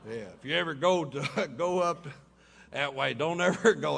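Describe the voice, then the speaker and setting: A man's voice: on the high side, moderate pace, creaky, a bit bright, slight background noise. A man telling folksy, humorous stories to a meeting in a hotel ballroom, laughing along with his own jokes. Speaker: recovery meeting speaker. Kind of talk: humorous storytelling talk.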